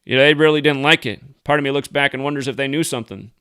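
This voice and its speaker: A man's voice: medium pitch, very fast, sharp tone, clear, resonant tone, dry recording. A man from the United States hosting a video commentary, ranting in a heated, combative and profane way. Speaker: host.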